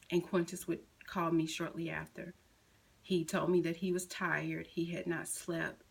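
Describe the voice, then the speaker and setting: A middle-aged mother slowly recounting a painful personal story, at times softly quoting her son. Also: fairly low pitch, gravelly, low-quality recording. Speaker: grieving mother. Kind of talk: personal testimony.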